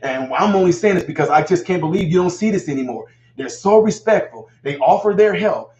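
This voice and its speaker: Animated man telling stories on a call-in show. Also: high voice, brisk. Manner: animated storyteller, acts out scenes. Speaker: host. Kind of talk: casual live call-in talk. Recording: echoey, dull lo-fi sound.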